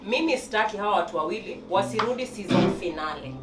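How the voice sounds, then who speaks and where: A woman with a Kenyan accent hosting a casual, playful chat, telling stories in an animated way. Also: mid-range voice, fast talker. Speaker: host. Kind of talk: casual chat mixing Swahili and English. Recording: roomy, distant mic with live music.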